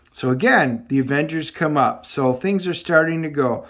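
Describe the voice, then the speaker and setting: A man's voice: a little high, normal speed, few pauses, a bit bright. A man reviewing comic books and retelling the story in a casual way, with many fillers and restarts.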